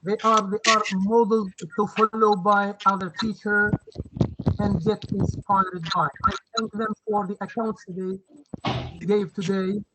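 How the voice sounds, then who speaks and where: A man giving measured, formal remarks in a webinar. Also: sits high, little pitch movement, noisy background. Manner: measured, deliberate phrasing. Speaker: education expert on a panel. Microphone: video call.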